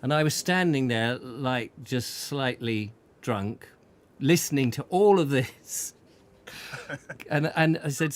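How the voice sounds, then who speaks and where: A man hosting a casual chat show and telling a lively anecdote, chuckling often and restarting his sentences. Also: mid-range voice, slow. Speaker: host.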